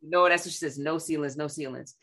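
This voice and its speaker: Animated woman sharing faith. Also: low-pitched, fast talker. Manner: animated, quotes scripture, acts out voices. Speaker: co-host sharing devotional reflections. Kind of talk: faith talk, conversational preaching.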